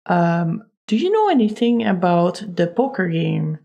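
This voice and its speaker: A woman's voice: fairly low pitch, big pitch swings, a little slow, vocal fry, warm tone. A woman streamer giving casual, chatty commentary while playing a game, joking and laughing often. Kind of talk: casual let's-play commentary.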